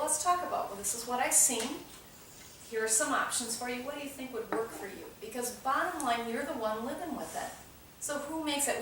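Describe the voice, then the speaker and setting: A woman's voice: fairly high pitch, a bit bright. A woman leading a small parenting group who tells anecdotes and acts out the voices in them. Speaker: parenting class leader. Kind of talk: teaching a small group, storytelling. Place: meeting room with a small group. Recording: roomy, distant, noisy room recording.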